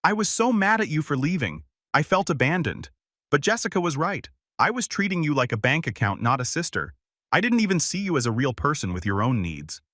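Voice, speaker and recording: A man's voice: a little high, very animated, a little fast, bright, forceful tone, no echo, clean studio sound, voice pushed up, full character voice. A man reading the lines of a remorseful young adult sister in an earnest, apologetic way. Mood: ashamed.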